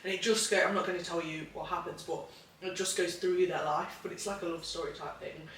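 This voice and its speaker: Bright, eager woman, echoey. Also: fairly low pitch, steady tone, slight background noise. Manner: quick, enthusiastic, self-interrupting. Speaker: podcast co-host. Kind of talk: casual chat. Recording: echoey room, mic at a distance.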